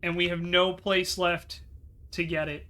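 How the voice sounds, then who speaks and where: A man's voice: sits high, level tone, measured pace, pushed and bright. A man hosting a let's play video, commenting as he plays and sighing and lamenting his setbacks with repeated dismay. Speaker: gaming video host.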